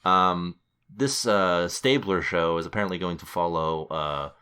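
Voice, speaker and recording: A man's voice: deep voice, measured pace, sharp tone, clear, resonant tone. A young man hosting a casual podcast, rambling and jokey as he goes through the news. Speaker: podcast host. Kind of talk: casual chat.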